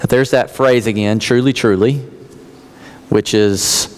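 A man's voice: lowish voice, steady tone, slow pace. Preaching man in a reverberant hall. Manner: earnest expository preaching, reads scripture aloud. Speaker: pastor. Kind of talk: sermon. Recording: long reverb of a large hall.

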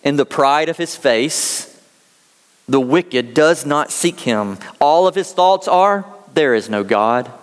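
A man's voice: a little high, animated, slow pace, big-room sound. An American man preaching a sermon as pastor, telling a story in earnest and reading scripture aloud. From United States.

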